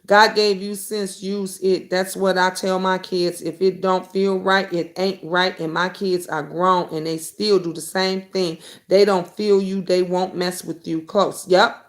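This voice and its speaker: A woman's voice: lowish voice, a little slow, hardly any pauses. Blunt, outspoken middle-aged woman host. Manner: blunt and outspoken, swears freely; animated, jumps between comments and stories. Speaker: YouTube talk show host. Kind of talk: live stream chat, reading viewer comments.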